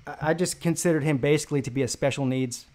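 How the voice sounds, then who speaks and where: Male sports-stream host, brash and mocking, slightly higher voice, loose profane storytelling. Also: fast, a little mellow. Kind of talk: casual live-stream storytelling.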